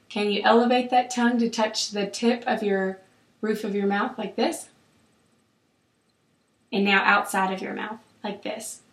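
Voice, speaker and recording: A woman clinician calmly guiding a patient through an oral exam, with steady, encouraging instructions. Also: mid-range voice. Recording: roomy echo.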